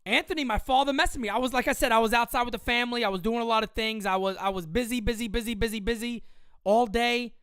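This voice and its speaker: A woman's voice: fairly high pitch, steady tone, quick pace, a bit bright, clean tone, no room sound, studio quality. A woman in her thirties hosting a sports livestream, ranting heatedly with profanity and repeating her points for emphasis. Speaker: livestream host. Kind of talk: sports fan rant on a livestream.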